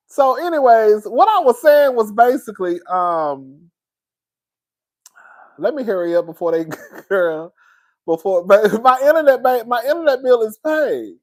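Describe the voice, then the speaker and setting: A man's voice: very high-pitched, lively intonation, a little slow. A man, hosting a casual livestream and venting in a sassy, exasperated way to his viewers. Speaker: livestream host.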